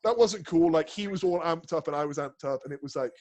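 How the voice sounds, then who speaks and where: A man's voice: fairly high pitch, quick pace. A man, a bodybuilding coach as a podcast guest, talking casually in rambling, profane stories full of restarts and fillers. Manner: animated storyteller.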